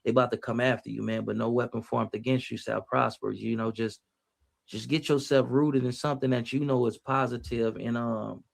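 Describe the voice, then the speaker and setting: A man's voice: medium pitch, fairly even intonation, brisk, vocal fry. A man giving casual, preachy motivational talk on a livestream, using street slang and repeating his phrases as he reads the chat.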